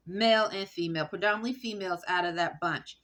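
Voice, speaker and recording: A woman talking straight to camera in a rambling, halting monologue full of fillers and restarts. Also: lowish voice, fairly bright tone. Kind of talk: casual spoken monologue.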